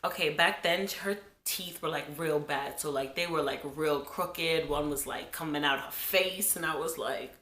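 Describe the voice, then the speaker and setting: A woman in her twenties from New Jersey, telling a childhood story to her viewers in an animated, chatty way while getting over a cold. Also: deep voice, normal speed, hardly any pauses. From New Jersey, USA. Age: 20s. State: has a cold. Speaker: vlogger. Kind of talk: casual storytime vlog. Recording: echoey room.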